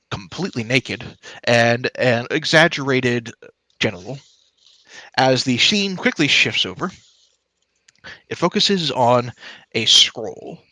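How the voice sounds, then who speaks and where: A man's voice: mid-range voice, bright, forceful tone, no echo. A man narrating as game master of a tabletop game, describing scenes in a casual way with fillers.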